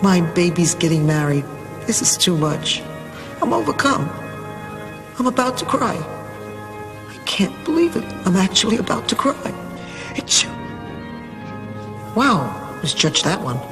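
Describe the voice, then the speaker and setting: Sitcom: wry elderly mother, inner monologue, slow delivery over loud music. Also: fairly low pitch, sing-song. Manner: dry, self-dramatizing. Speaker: sitcom character.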